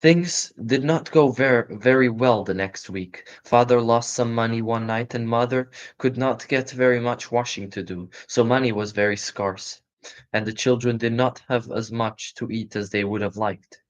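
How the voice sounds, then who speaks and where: A man giving a live reading of a children's storybook in a calm, steady voice. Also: mid-range voice, moderate pace. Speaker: storybook reader. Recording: muffled lo-fi recording.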